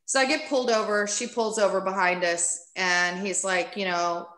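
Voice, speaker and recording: A woman guest on a podcast, candidly telling a personal story in a casual, animated way and acting out what people said. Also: mid-range voice, moderate pace, roomy sound. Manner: candid, animated, acts out quoted speech.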